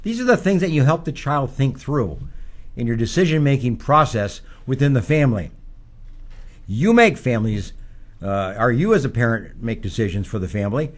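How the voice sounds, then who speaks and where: A man's voice: mid-range voice, sing-song, normal speed. An older man, a psychologist, giving earnest, teacherly parenting advice that repeats its key points. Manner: earnest, repetitive, teacherly, with rising emphasis. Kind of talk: advice talk.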